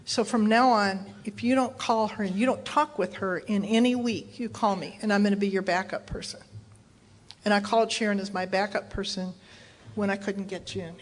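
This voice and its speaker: A woman from Texas speaking at a recovery meeting, telling a candid, self-mocking personal story to an audience. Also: a little high.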